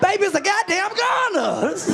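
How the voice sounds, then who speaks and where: A woman's voice: very high voice, very animated, moderate pace, gravelly, noisy background. A woman doing stand-up comedy with a brash, crude delivery in a comedy club.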